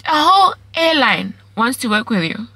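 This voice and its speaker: A woman's voice: fairly high pitch, sing-song, normal speed, pushed and bright, breathy edge, no echo, low-quality recording. A young woman talking in a casual vlog, emotional and mixing in Zulu phrases. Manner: emotional, switches between English and Zulu. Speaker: vlogger.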